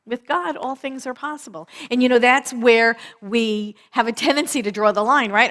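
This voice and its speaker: A woman minister giving a conversational sermon, repeating phrases for emphasis, slowing on key words and often asking "right?". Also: sits high, lively intonation, a bit bright.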